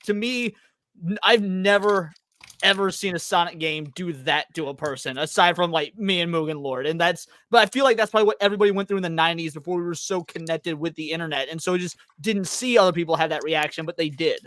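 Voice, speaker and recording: A man's voice: sits high, fairly bright tone. A man hosting a casual stream panel, often stammering and repeating words as he starts. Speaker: stream host.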